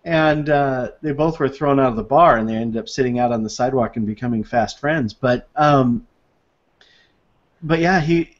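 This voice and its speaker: A man in a relaxed podcast chat, spinning anecdotes and breaking into laughter. His voice sits at an ordinary middle pitch. The recording sounds dull and lo-fi. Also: moderate pace. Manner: storytelling, laughs often, acts out quoted voices. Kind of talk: casual chat.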